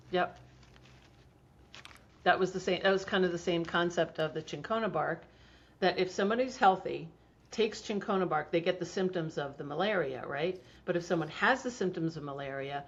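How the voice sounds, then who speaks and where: A woman's voice: lowish voice, normal speed. A middle-aged woman, a homeopathy practitioner, talking casually in an interview with chatty storytelling and frequent fillers. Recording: dull lo-fi sound.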